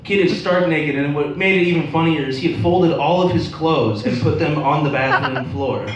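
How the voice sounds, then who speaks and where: Rambling young stand-up in a roomy bar. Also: male voice, fairly high pitch, moderate pace, noisy background. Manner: rambling storytelling with many fillers. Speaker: stand-up comedian. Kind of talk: open-mic stand-up set. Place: bar open mic night. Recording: roomy bar sound from a distance.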